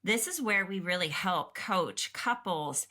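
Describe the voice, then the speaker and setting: A middle-aged woman, a podcast co-host and clinician, talking in a lively, direct way and quick to clarify. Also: fairly low pitch. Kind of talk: casual explanatory chat.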